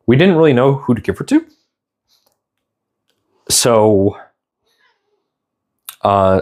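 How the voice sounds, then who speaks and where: Young male streamer, low voice with lots of pitch movement, rambling and heartfelt. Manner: rambling, tender, stops to apologize while tearing up. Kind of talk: casual live-stream chat.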